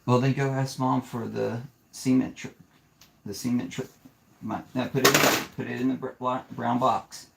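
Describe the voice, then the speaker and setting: A man who breeds snakes, talking casually on a live stream, giving plainspoken advice and turning gently to his young son. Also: mid-range voice, level tone, moderate pace, creaky, very noisy.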